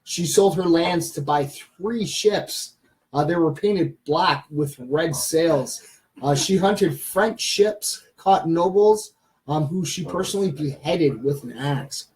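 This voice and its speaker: A man's voice: on the high side, slow, a little mellow. A man hosting a live chat show, reading trivia facts in a jokey way with fillers and restarts. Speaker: host.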